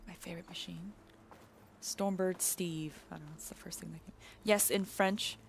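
A woman's voice: fairly low pitch, fairly even intonation, moderate pace, gravelly, a little hiss or hum. A woman from Canada, a community manager chatting casually while streaming a video game, playful and giggly, sometimes dropping to a whisper. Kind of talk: casual gameplay chat.

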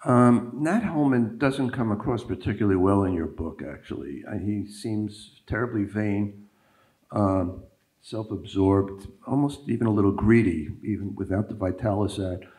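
A man with a lowish voice interviews an author onstage. He asks his questions hesitantly and fills the gaps with ums and uhs. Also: moderate pace, warm tone. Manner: hesitant with many fillers.

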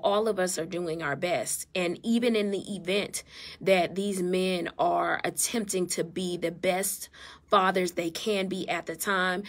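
Earnest woman therapist, lowish voice with some fry, casual live-stream talk from a phone. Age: adult, married mother. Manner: earnest, heartfelt, emotional. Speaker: therapist and vlogger.

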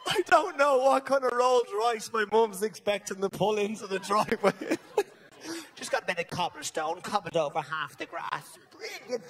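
A man with a Dublin Irish accent doing a live stand-up routine, energetic and swearing, checking in with "right?" again and again. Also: high voice, moderate pace. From Ireland. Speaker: stand-up comedian. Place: comedy stage.

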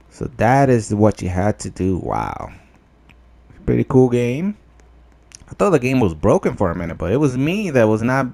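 A young man giving casual gameplay commentary, excitable, laughing often and yelping in disbelief. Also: mid-range voice, vocal fry. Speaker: gameplay video host.

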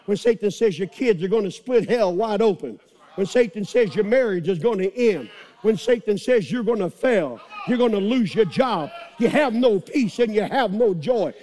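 Delivering his sermon at normal speed with lively intonation, a middle-aged pastor whose voice is strikingly high preaches with fire. He stirs the congregation by shouting refrains again and again.

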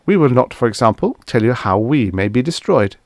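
A man voicing a calm, formal alien oracle machine that speaks in measured, unhurried sentences. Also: medium pitch, no room sound, clean studio sound.

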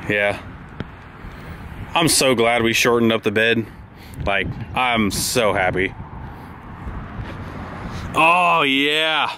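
A man vlogging outdoors in a driveway, excitable and rambling, often restarting his sentences. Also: medium pitch, drawn-out words, long pauses, slight background noise. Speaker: vlogger and truck builder. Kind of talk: casual outdoor vlog chat.

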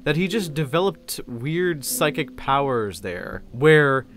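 A man's voice: fairly high pitch, animated, slow pace, fairly bright tone. Enthusiastic man rambling about lore. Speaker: channel host. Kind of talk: casual lore commentary. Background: faint music.

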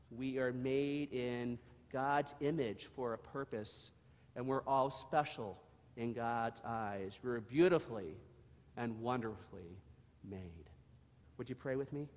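Slow, gentle man telling a story in church. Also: mid-range voice. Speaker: church leader giving children's message. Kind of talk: storybook reading in church, then prayer. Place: church sanctuary. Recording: long echo of a church sanctuary.

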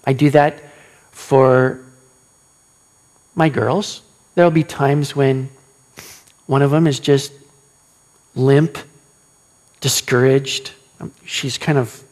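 A man preaching a sermon as pastor, animated and questioning his listeners, acting out quoted lines. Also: medium pitch.

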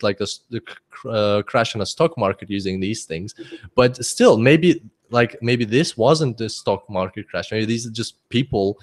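A man teaching a trading webinar off the cuff, chatty, thinking aloud and laughing often. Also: medium pitch. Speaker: forex trading instructor.

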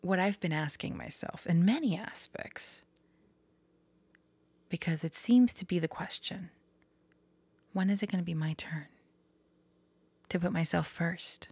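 A woman's voice: on the low side, unhurried, pauses often, breathy edge, dry recording. A woman vlogger talking candidly and hesitantly to her viewers, often dropping into a whisper. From Florida. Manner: soft, hesitant, confiding, drifts into whispers. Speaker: tarot vlogger. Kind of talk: candid personal talk to camera.

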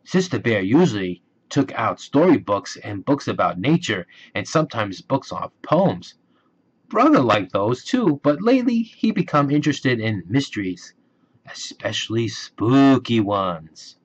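Cast note: man reading a bedtime storybook, lively pitch, lo-fi sound. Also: unhurried, breathy edge. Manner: animated read-aloud with character voices. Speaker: storybook reader. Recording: dull lo-fi recording.

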